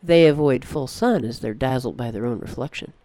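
A narrator voicing a scowling, bragging, middle-aged male pest controller who speaks low and dry. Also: a little fast, mellow, dry recording, close to an everyday voice. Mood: wry. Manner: dry, wry, low-voiced.

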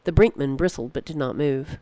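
A narrator reading a story in a steady, measured way. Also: medium pitch, no echo. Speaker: audiobook narrator.

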